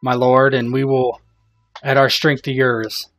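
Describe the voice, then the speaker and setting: A man's voice: medium pitch, level tone, measured pace, a bit bright, no room sound, soft background music, close to an everyday voice. Man doing an earnest young knight, eager, loyal, dry close voice, tabletop game. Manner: earnest, urgent.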